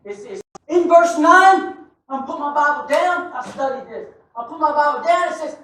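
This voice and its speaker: High-voiced man preaching in an echoey church. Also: normal speed, recorded from a distance. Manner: animated, often shouting, with joking asides to the congregation. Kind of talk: sermon. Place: church sanctuary.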